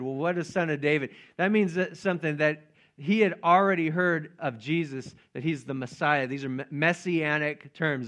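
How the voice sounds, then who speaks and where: Animated man preaching a joking sermon. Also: on the high side. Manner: animated, joking, acts out voices of Bible figures. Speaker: pastor.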